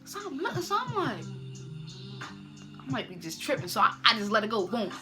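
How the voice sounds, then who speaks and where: A young woman telling a casual storytime, animated and slangy, punctuating with "boom". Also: fairly quick, soft background music. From Baltimore.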